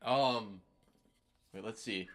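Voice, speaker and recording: A man's voice: lowish voice, drawn-out words. A young man chatting loosely on a live stream between drumming, rambling with lots of fillers and slang. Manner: rambling, filler-heavy, laid-back slang. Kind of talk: casual live-stream chat.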